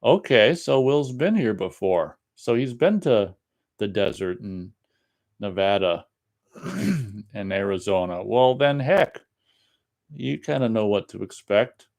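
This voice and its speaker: A man's voice: lowish voice, sing-song, slow pace, creaky, pauses often, darkish tone. A man from Minnesota hosting a casual live show, reading viewer comments aloud and chatting back about them. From Minnesota, USA. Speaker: radio show host reading chat. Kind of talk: casual live-stream chat.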